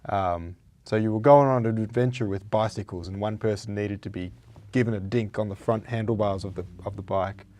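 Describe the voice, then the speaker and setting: A young Australian man hosting a vocabulary vlog, his voice hoarse and raspy from days of talking, chatting playfully with lots of fillers. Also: lowish voice, steady tone, brisk, warm tone. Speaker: vlog host. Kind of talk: casual chat about words.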